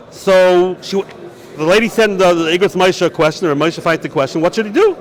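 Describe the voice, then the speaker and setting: A man, a rabbi, teaching Jewish law in a yeshiva lecture. He asks questions and answers them himself, and he mixes Hebrew and Yiddish terms into his English. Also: sits high.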